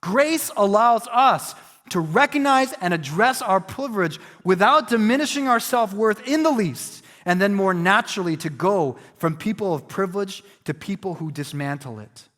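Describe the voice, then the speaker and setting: High-voiced pastor preaching in a reverberant hall. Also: male voice, normal speed. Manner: animated preaching, acting out quotes, self-deprecating humor. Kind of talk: sermon.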